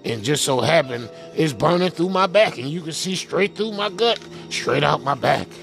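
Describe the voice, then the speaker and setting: A man's voice: fairly high pitch, lively intonation, moderate pace, creaky, a bit bright, soft background music, voice pushed up. A man putting on the voice of a gullible male voter who keeps drinking poisoned Kool-Aid, pleading and groaning in melodramatic mockery.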